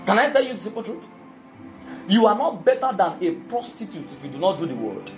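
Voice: mid-range voice, very animated, brisk, faint music behind. A preacher giving an emphatic sermon and often asking the congregation if they follow. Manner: emphatic, keeps asking the audience questions. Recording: dull lo-fi recording.

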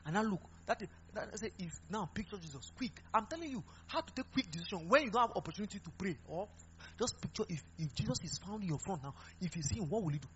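Pastor, male, animated sermon delivery, swoops high and low. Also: quick pace, a little hiss or hum. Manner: animated, mixing Pidgin, laughing and exhorting. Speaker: preacher. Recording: dull lo-fi recording with faint music.

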